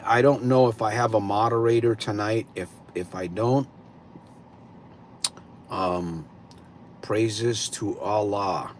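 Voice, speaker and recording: A man hosting a live stream, greeting viewers and slowly posing reflective questions to them. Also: lowish voice, a bit bright, slight background noise. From California. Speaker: livestream host.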